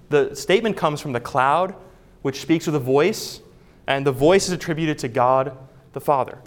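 A man preaching a sermon, earnest and emphatic, often asking rhetorical questions. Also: fairly high pitch.

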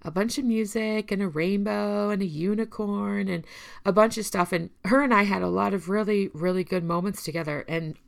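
A woman's voice: medium pitch, normal speed, creaky. A woman giving an earnest, personal talk about recovery, encouraging listeners directly and getting emotional at times. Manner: emotional at times, laughs softly. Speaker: recovery speaker. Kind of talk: personal talk showing her emergency kit.

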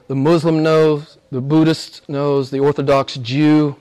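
A man preaching a sermon to his congregation. He talks emphatically and repeats phrases, dropping low and quiet and then climbing high and loud. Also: flat delivery, measured pace, few pauses.

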